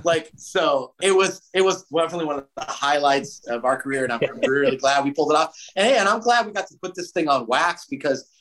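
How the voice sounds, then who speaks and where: A man, a musician guest, telling a story in a casual interview, animated and swearing freely. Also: on the high side, fast talker, few pauses, rough recording. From United States.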